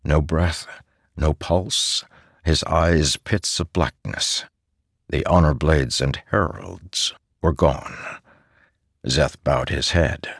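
Deep, slow male audiobook narrator. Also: fairly even intonation, breathy edge, dry recording, studio quality. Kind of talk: scripted narration.

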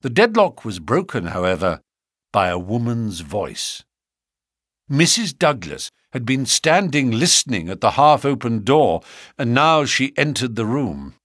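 A man reading a novel aloud as an audiobook narrator, with expressive storytelling. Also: medium pitch, unhurried, no echo, studio quality. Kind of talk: scripted narration.

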